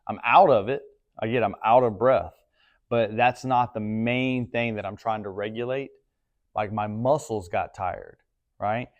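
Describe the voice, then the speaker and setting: A man with a slightly low voice teaches a class of lifters. He talks casually and keeps checking in with quick questions. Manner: casual, asks the group questions often. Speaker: strength coach. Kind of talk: classroom coaching talk.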